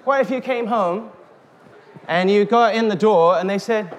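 A man preaching a sermon, slow and emphatic, calling out questions to the congregation. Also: sits high. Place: church hall. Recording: reverberant hall with faint noise.

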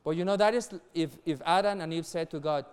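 A middle-aged man preaching earnestly to young people, laughing softly between points and repeating words as he goes. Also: fairly high pitch, fairly quick, clear, resonant tone. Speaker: youth pastor.

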